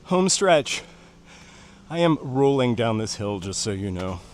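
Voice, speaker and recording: A man's voice: mid-range voice, sing-song, measured pace, a little hiss or hum. A man narrating casually while walking outdoors up hillside stairs, a bit out of breath from the climb. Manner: chatty, slightly out of breath from climbing. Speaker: vlogger.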